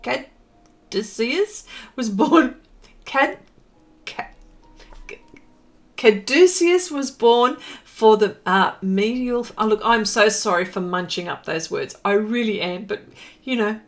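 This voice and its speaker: A woman's voice: a little high, slow pace, pauses often, faint music behind. A woman hosting a painting live stream, casually reading viewer comments aloud, tripping over hard words and laughing at herself.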